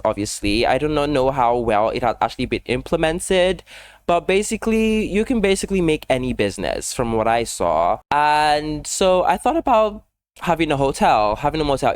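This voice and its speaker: A man talking casually over a game build video, rambling fast with lots of fillers and self-deprecating asides. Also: medium pitch, smooth, dry recording. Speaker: gaming YouTuber.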